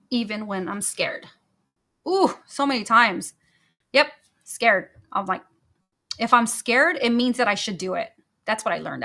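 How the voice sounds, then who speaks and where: Female podcast host, solo motivational talk; bright, forceful voice, fairly high, emphatic and repetitive. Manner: energetic, emphatic, repeats key phrases.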